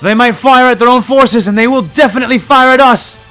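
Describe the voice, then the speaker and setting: A man reading a story, voicing a tense male cyborg clone soldier who shouts urgent reports. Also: very high voice, brisk, soft background music, voice pushed up. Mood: tense resolve.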